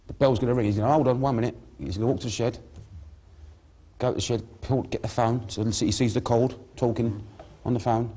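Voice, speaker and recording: Fast-talking husky man. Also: mid-range voice, steady tone, mellow. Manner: acts out the lines of people in his plan. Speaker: gang member laying out a plan. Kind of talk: casual planning chat.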